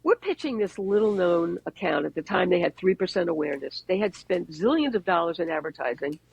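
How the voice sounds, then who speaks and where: Woman, husky, animated storyteller, podcast guest, dry room. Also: on the low side, a little fast, no room sound, low-quality recording. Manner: animated anecdotes with wry jokes. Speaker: advertising executive guest. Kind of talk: conversational storytelling. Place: podcast interview.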